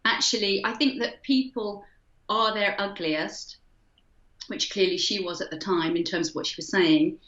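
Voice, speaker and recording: A woman's voice: medium pitch, fairly bright tone. A woman host responding reflectively to her guest, choosing her words carefully. Her mid-range voice comes through roomy and slightly muffled, like remote call audio. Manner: measured, thoughtful, hedging. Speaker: podcast host. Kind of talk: reflective interview talk.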